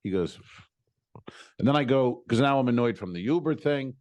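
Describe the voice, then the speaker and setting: A man's voice: medium pitch, animated, normal speed, a little mellow, highs cut off. A man co-hosting a comedy podcast, telling a travel story casually and acting out both sides of the exchanges with exasperation. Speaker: podcast co-host.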